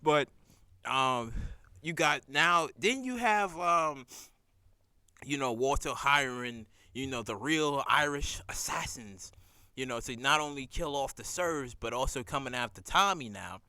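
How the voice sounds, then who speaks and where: A man recapping a TV episode in casual, profane chat, animated and laughing as he acts out scenes. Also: medium pitch, measured pace, clean tone, dry recording.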